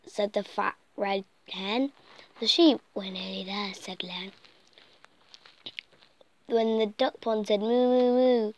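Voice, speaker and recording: A woman reading a children's picture book aloud in an animated way, often dropping into soft whispers and stumbling over words. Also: on the high side, rough recording. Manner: animated, slips into soft whispers and tripping restarts.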